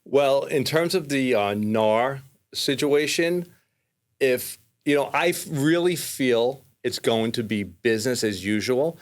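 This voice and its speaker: A man's voice: expressive, slow. A man in his fifties with a New York accent, a guest talking casually in an interview, rambling with many restarts. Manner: rambling, many restarts, rises in pitch when making a point. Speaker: podcast guest, mortgage lender.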